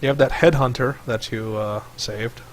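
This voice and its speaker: A man runs a tabletop game over voice chat, narrating casually with plenty of fillers. His voice sits at a middle pitch. A faint hiss of noise sits behind him. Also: steady tone. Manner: casual, halting, many fillers. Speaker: game master. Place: online voice chat.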